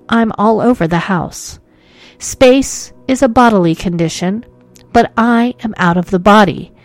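A woman voicing a sad, lonely male ghost who speaks quietly and mournfully in an odd, faraway voice. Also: fairly high pitch, no room sound.

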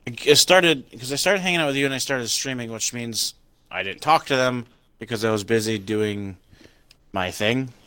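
A man's voice: mid-range voice, moderate pace, clean tone, dry recording. A young man casually chatting, telling stories animatedly and swearing a lot. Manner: profane storytelling, laughing and animated. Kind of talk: casual chat.

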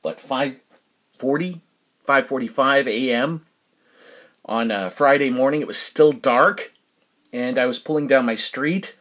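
His voice sits mid-range and a bit bright, with a measured pace and frequent pauses. This middle-aged New Hampshire man hosts a casual solo podcast, chatting in a rambling way and often interrupting himself with fillers to start sentences over.

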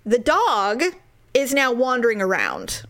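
Woman ranting a story, animated, voice jumping high n low, kinda exasperated. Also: a little slow. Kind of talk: casual storytelling.

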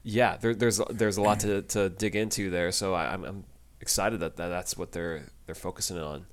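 A man with a fairly low voice co-hosts a casual podcast. He chats loosely, laughs easily and often restarts his sentences mid-thought. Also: fairly even intonation, normal speed. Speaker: podcast co-host. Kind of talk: casual chat.

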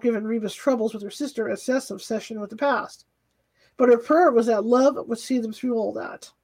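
A woman with a fairly high voice narrates a novel in a steady, even reading. Now and then she corrects a slip and carries on. It is straightforward audiobook narration. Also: low-quality recording. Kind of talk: scripted narration.

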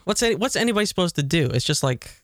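A man's voice: sits high, very animated, very fast, fairly bright tone, no room sound, studio quality. A man co-hosting a podcast, venting in a rambling, exasperated way with lots of fillers. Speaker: podcast co-host. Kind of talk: casual chat.

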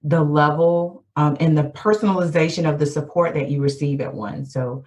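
A woman's voice: deep voice, steady tone, normal speed, darkish tone. A woman hosting a casual interview, asking questions and reflecting on the guest's stories.

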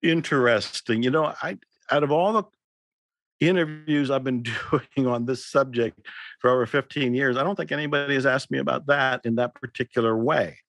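A man's voice: mid-range voice, moderate pace, creaky, a bit bright, dry recording. Male author-teacher guest, mid-range voice, earnest storyteller, dry close recording. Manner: earnest, storytelling with acted-out quotes. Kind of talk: reflective interview answers.

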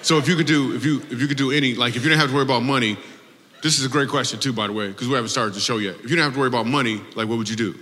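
Bright-voiced man doing stand-up crowd work. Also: medium pitch, very fast. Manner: teasing, chatty, laughs between jokes. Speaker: stand-up comedian. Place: live show venue. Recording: reverberant live venue with faint ambience.

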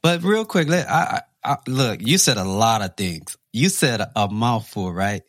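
A man's voice: on the low side, expressive, a bit bright, no echo. Chatty male interviewer, dry sound. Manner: chatty, steering with quick questions and biblical references. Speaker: interviewer host. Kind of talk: conversational interview.

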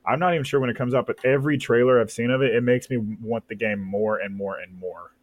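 A man's voice: medium pitch, steady tone, fast talker, dry recording, phone-quality sound. A man co-hosting a casual podcast, rambling enthusiastically about games with many fillers. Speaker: podcast co-host. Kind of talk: casual chat.

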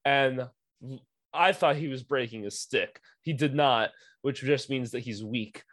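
A young man coaching youth hockey, telling a profane, animated story in casual podcast chat. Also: mid-range voice, a little slow, no room sound.

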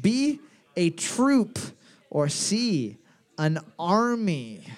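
A man with a notably high voice plays quizmaster in a loose, joking chat with a friend. He reads each question out with deliberate emphasis and often breaks into laughter between them. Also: huge pitch swings. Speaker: quiz host. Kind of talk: casual chat, reading trivia questions.

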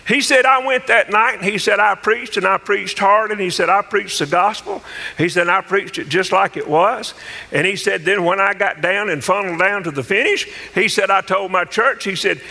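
A man preaching in a church, his voice high and bright as it rings through a long, echoing hall. He spins folksy stories and drives them home with emphatic preaching. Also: expressive, moderate pace. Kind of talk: sermon.

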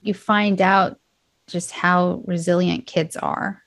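A woman's voice: lowish voice, fairly even intonation, slow, vocal fry, dry recording. A woman hosting a podcast interview, talking in a conversational, openly emotional way. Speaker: podcast host.

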